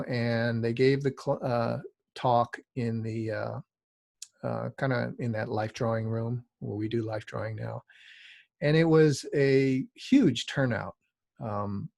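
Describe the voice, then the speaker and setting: Gravelly man telling a rambling anecdote. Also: medium pitch, a little mellow, no echo, clean studio sound. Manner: rambling, conversational, frequent asides. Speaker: design teacher. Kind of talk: lecture with casual storytelling.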